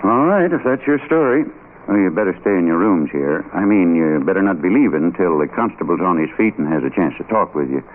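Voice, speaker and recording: An actor playing a blunt, suspicious old country doctor in a 1930s radio play, heard through a tinny, hissy old broadcast. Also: male voice, low voice, lively intonation, a little fast. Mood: gruff doubting. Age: older. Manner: blunt, doubting questioner.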